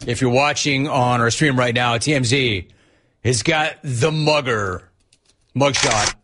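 A man hosting a sports talk radio show, sarcastic and animated as he reads out listener messages and riffs on them. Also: medium pitch, takes it slowly, noisy background.

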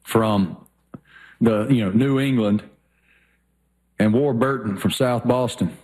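A man's voice: medium pitch, takes it slowly, darkish tone, husky. A man from the Southern US co-hosting a sports radio show, enthusiastic and folksy in casual chat.

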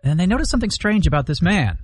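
Male radio co-host, bouncy pitch, slightly high voice, dry close studio mic. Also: rapid-fire, background noise. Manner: animated, stumbling restarts, laughing often. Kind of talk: casual morning radio banter.

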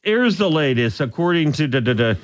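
A man hosting sports talk radio, opinionated and animated, often restarting his sentences. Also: a little high, a little fast, no room sound.

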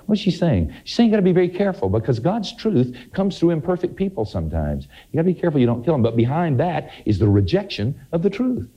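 Male preacher, very animated pitch, dark mellow tone, dull lo-fi sermon recording. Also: fast, breathy edge. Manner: emphatic, rising to exclamations.

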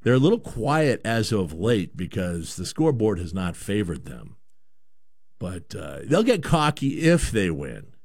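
A man's voice: deep voice, very animated, a little slow, dry recording, studio quality. A man from Canada hosting a sports talk show, giving a rambling, opinionated monologue.

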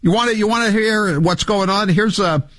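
A man's voice: high-pitched, moderate pace, a bit bright, dry recording. A male talk radio host, blunt and combative, mocking his opponents while taking calls.

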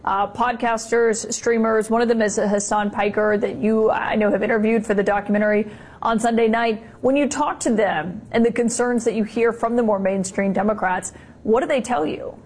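A female news anchor with a fairly high voice, played as a clip on the show. She puts a long question to a reporter in a slightly halting, probing way. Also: fairly even intonation, a little mellow. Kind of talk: news interview.

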